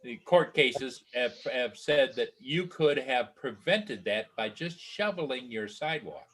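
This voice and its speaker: A man's voice: medium pitch, animated, unhurried, a bit bright. A man on a casual group video call, explaining things at length in a conversational way. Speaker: live chat guest.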